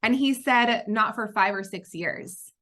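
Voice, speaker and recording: Woman in her thirties, podcast host, bright voice, lively storyteller. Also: fairly high pitch, a little slow. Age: 30s. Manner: lively storyteller, laughs often. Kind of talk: casual chat.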